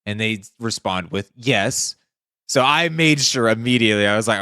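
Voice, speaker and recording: A man's voice: lowish voice, animated, moderate pace, bright, forceful tone, smooth, no echo, studio quality. A man streamer talking casually to his audience, earnest and indignant, often repeating his points. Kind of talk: casual commentary to camera.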